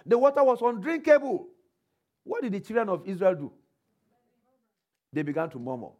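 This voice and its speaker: Speaking in a high voice, a man preaches to his congregation, citing scripture and asking rhetorical questions that invite replies. For emphasis, he shifts his loudness and alternately slows and quickens his delivery.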